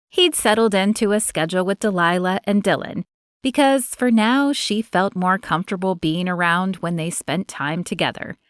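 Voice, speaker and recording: A woman reading an audiobook as narrator, in an even, measured manner, close to the mic. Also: lowish voice, no echo. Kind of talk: scripted narration.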